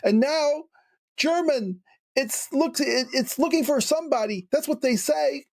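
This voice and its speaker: A terrified woman innkeeper, as a man puts her on, speaks in a high falsetto-like voice. Her words come out halting and repeated, as if she can barely get them out. It is a spoken retelling of a novel, not a polished drama. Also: gravelly, a little mellow, exaggerated voice. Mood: frightened. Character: frightened woman innkeeper, breathless with fear.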